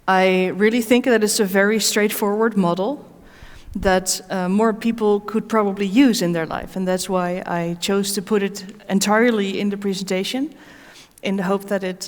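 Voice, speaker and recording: A woman speaker and certified coach answering audience questions at a conference, talking hesitantly with many fillers and restarts. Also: mid-range voice. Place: conference hall. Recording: echoey conference hall.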